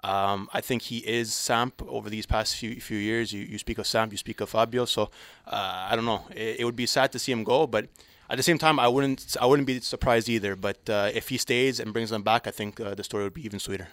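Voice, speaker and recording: A man co-hosting a podcast in casual sports chat, talking hesitantly with many pauses and restarts. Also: fairly low pitch, fairly even intonation, fairly bright tone, dry recording. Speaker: podcast co-host.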